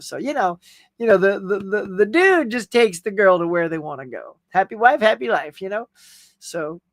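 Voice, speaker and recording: A man's voice: sits high, a bit bright, no room sound, studio quality. Chatty man hosting a live pop-culture show. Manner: rambling, chatty, friendly, with frequent fillers and laughs. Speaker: host. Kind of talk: casual live chat show, reading viewer comments.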